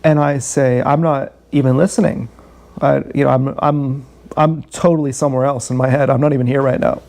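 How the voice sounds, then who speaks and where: A man's voice: mid-range voice, level tone, fairly quick, a little mellow. A man telling a long, candid, swearing story about his day in a rambling vlog. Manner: swearing, candid, self-deprecating, repeats himself. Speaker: vlogger.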